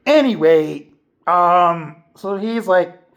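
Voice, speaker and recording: A man's voice: medium pitch, lively intonation, a little slow, vocal fry. A man giving a casual, spoilery movie review, rambling and swearing freely with lots of fillers.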